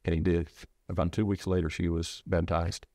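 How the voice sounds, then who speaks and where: A low-voiced middle-aged man speaks with earnest, halting sincerity, often stumbling and restarting mid-thought. He sounds like a preacher recounting something personal. The recording is dry and close, with no room sound. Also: level tone, warm tone, dry recording. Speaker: preacher sharing his loss. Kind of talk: reflective interview talk.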